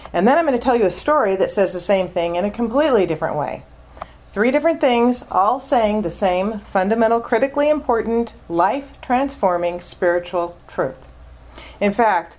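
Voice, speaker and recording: A woman's voice: mid-range voice, darkish tone. A woman minister giving a sermon, emphatic and fond of repeating words for stress.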